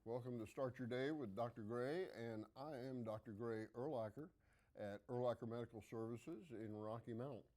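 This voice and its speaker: A man's voice: mid-range voice, moderate pace, a little mellow. A middle-aged man, a physician hosting a health talk and speaking plainly with many fillers. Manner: plain-spoken, folksy, with frequent "uh" fillers. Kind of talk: conversational health talk to camera.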